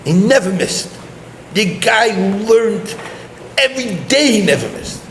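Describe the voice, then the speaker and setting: A rabbi telling a story in a sermon, animated and laughing as he talks, mixing in Yiddish and Hebrew words. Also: high-pitched, measured pace. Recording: roomy echo with faint noise.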